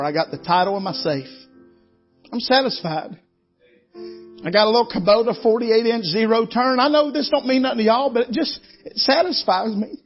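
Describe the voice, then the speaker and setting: A man's voice: sits high, lo-fi sound. A man, preaching a sermon in a folksy storytelling way and calling out to the congregation. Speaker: guest preacher. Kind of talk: Southern revival sermon.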